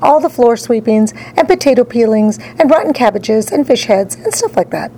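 A whimsical candy-factory owner speaks calmly and breezily, never bothered, as a woman reads his lines. His pitch moves in a lively way, and faint ambience sits behind him. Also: normal speed, a little hiss or hum, poor audio. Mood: breezy. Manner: calm, breezy, unbothered.

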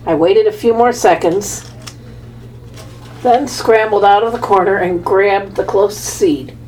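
A woman narrating a children's storybook in the first person, with a measured, lively telling. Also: medium pitch, a little hiss or hum, rough recording. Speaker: audiobook narrator.

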